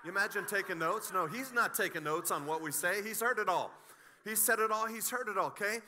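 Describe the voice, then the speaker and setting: A middle-aged man pastor preaching a sermon, animated and joking, with frequent restarts. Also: high voice, a little fast. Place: church sanctuary.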